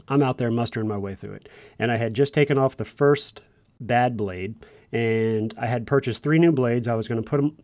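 A man's voice: mid-range voice, a little mellow, no room sound. A man, likely in his thirties, telling a folksy personal story to first responders in an earnest, conversational way, with frequent restarts. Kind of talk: casual storytelling monologue.

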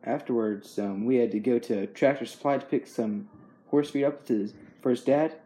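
A man's voice: mid-range voice, moderate pace, dark tone. A young man chatting casually as host, easygoing and rambling, with frequent chuckles. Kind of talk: casual chat.

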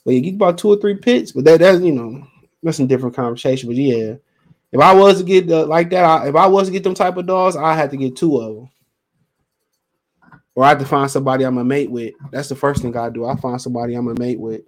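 A man's voice: medium pitch, fast. A man hosting a casual solo podcast, talking in a slangy, profane, rambling way and reading out listener comments. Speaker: podcast host.

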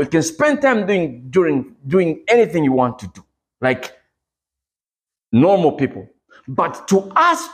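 Animated man preaching with a Congolese accent. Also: high voice. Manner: animated storytelling, acting out prayers and street scenes. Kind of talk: sermon.

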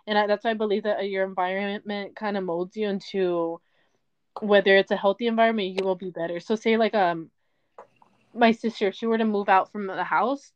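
A woman's voice: medium pitch, clear, resonant tone, dry recording. Young woman in her twenties, confessional podcast host, rambling and candid, on a dull dry recording. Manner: rambling, candid, lots of fillers and apologies. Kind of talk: casual personal monologue.

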